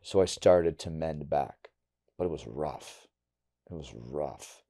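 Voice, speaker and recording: Middle-aged man, deep low voice, mellow, candid and blunt, podcast guest storytelling. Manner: candid and blunt, with casual swearing; halting and emotional on hard memories, dropping quiet. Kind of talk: personal storytelling in a podcast interview.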